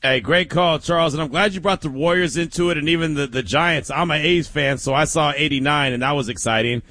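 A man's voice: on the high side, brisk, no echo. A man hosting a sports talk radio show, telling stories emphatically and laughing often. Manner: animated, laughing, emphatic storyteller.

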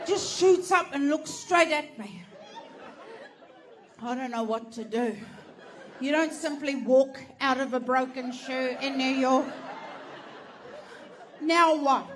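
A high-pitched woman works through a stand-up comedy story. She talks with animated, profane energy and jumps into loud bursts. Faint audience laughter and light noise sit behind her. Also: takes it slowly, pauses often, some chatter behind.

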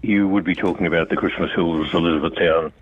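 An older Australian man speaks bluntly and with conviction, calling out an official as he makes his case. His voice is very deep and husky. It comes through a tinny, dry phone line. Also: steady tone, fast talker. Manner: blunt, impassioned, addresses an official directly. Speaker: radio guest, road safety campaigner. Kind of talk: on-air phone interview. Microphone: telephone.

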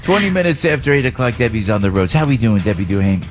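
Animated New Jersey radio host man. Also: fast, over music. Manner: animated, swinging between loud outbursts and low asides. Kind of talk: talk radio hosting and live ad reads.

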